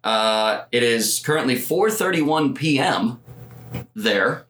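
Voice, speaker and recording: Male podcast co-host, casual rambling storyteller, bright tone, roomy sound. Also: medium pitch, animated, slow pace, slight background noise. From United States. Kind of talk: casual chat.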